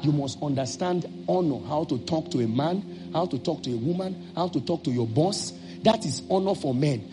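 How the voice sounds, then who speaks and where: A male pastor with a Nigerian English accent preaching a sermon, acting out little dialogues and breaking into sudden shouts. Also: a little high, expressive, moderate pace, background noise.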